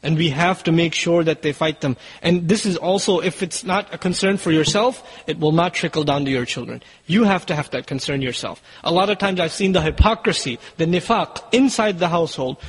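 Man preacher, high husky voice, urgent and exhorting, long hall reverb. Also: a little fast, hardly any pauses. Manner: urgent, exhorting, asks rhetorical questions. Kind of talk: sermon.

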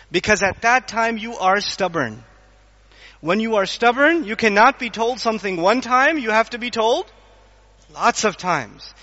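Animated high-voiced male lecturer, lo-fi. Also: in a large hall. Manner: animated, acts out scenes and quizzes the audience. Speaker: Islamic lecturer. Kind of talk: lively Quran lecture to a live audience. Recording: dull lo-fi lecture recording.

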